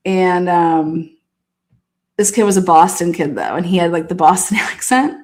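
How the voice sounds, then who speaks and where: A woman with a slightly low voice tells loose, rambling stories in a casual way. She swears freely, trails off and restarts, and breaks into laughter often. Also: lively intonation, measured pace, darkish tone. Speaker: host. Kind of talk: casual storytelling.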